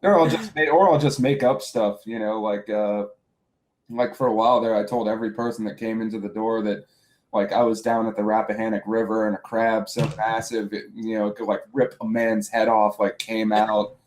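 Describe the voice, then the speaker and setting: A young man co-hosting a casual podcast, telling offbeat stories in a deadpan, dry-humored way. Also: on the low side, normal speed. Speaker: podcast co-host. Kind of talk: casual chat.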